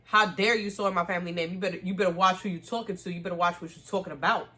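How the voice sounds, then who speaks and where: A woman's voice: fairly low pitch, steady tone, racing, bright, forceful tone. A woman voicing an indignant young nobleman who scolds someone in casual slang. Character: young nobleman, angrily defending his fiancée.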